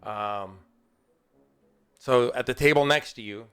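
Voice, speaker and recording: A man's voice: medium pitch, takes it slowly, a bit bright, clean tone. Guy running a tabletop game over a call, chill and chatty, swears a bit. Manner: casual, swears, laughs easily. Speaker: game master. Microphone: computer mic on a voice call.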